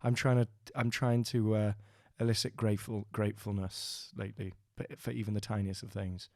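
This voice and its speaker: A man's voice: fairly low pitch, flat delivery, a little fast, darkish tone, no echo, clean studio sound. A young Welsh man hosting a podcast, telling rambling stories in casual chat and swearing freely. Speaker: podcast host.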